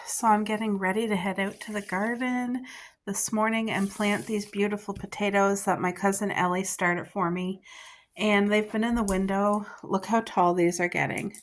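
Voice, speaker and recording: A woman's voice: mid-range voice, fairly even intonation, moderate pace. A woman vlogger chatting casually to the camera, gushing and enthusiastic about her finds and her garden. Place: garden outdoors.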